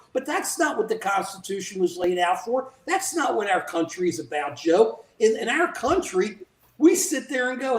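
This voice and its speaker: Livestream political co-host, indignant and animated, average pitch, roomy echoey sound. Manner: indignant, animated, mimics politicians in quoted asides. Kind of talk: casual political commentary. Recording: echoey room.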